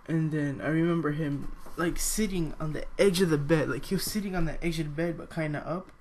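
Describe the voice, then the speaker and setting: A young man telling a personal story in a halting, hesitant way, full of fillers, now and then jumping to a higher voice to quote people. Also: darkish tone, slight background noise. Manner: acts out quoted voices with sudden high pitch.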